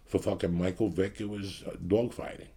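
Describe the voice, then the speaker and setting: A man's voice: low voice, fairly even intonation, fairly quick, mellow, husky. A man in his fifties from the New York area, hosting his show with a blunt, profane rant to his audience. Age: 50s. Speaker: podcast host.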